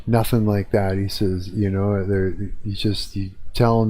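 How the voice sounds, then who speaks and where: Young male streamer, chatty profane ranter, low dark-toned voice, desk mic. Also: level tone, measured pace, few pauses. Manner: profane, rambling, chatty with viewers. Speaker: live streamer. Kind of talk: casual live-stream rant. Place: hot apartment room with a fan. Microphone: desk mic at computer.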